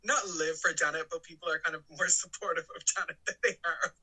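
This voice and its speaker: A man's voice: a little high, fairly even intonation, fast talker, pushed and bright, rough recording. A man co-hosting a podcast, rambling casually about a film with plenty of fillers and laughs. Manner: rambling, lots of "like", laughs often. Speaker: podcast co-host.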